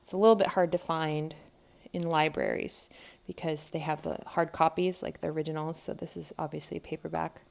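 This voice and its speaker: Chatty woman with a gravelly low voice. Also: steady tone, brisk, few pauses, darkish tone. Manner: chatty, thinking aloud with frequent ums. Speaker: homeschool vlogger. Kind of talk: casual unboxing narration. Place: home, by a table with a tripod camera. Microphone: camera mic on a tripod.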